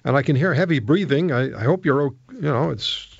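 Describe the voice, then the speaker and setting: A male talk radio host whose pitch swings widely as he needles, jokes and pushes his guests. He speaks into a studio microphone, and the broadcast sounds dry and slightly dull. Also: lively intonation, brisk, creaky, slightly rough, dry recording. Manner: combative, rhetorical and jokey.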